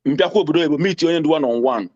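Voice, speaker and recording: A man's voice: fairly high pitch, very fast, a little mellow, dry recording. A male caller, speaking with passion and repeating lines for emphasis. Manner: mixes Igbo and English, repeats lines for emphasis. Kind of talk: impassioned phone call. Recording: dull dry phone call.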